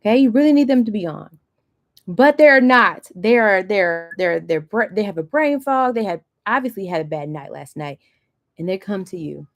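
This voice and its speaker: In a motivational masterclass, a woman coach speaks at a normal pace in an expressive, mid-range voice. She talks animatedly, acts out the voices she quotes, and checks in with her listeners.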